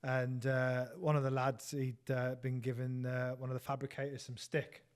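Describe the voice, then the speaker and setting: A man's voice: mid-range voice, completely flat delivery, normal speed, clear, resonant tone. A man with an English accent telling rambling, laughing anecdotes in casual chat, swearing freely. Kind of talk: casual storytelling banter.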